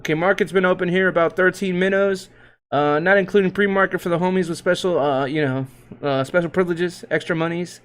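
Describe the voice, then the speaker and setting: A man hosting a casual livestream, reading out market moves in a loose, joking, profane, slangy way with hype shouts. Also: high-pitched, fairly even intonation, a little fast, clean tone. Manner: hype shouts and laughs while reading tickers. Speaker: crypto livestream host.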